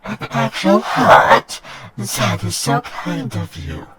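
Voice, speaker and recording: A man voicing a lovestruck young woman in a high, gushing falsetto. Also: wildly swooping pitch, slow pace, over loud music, exaggerated voice. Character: sweet young woman in love.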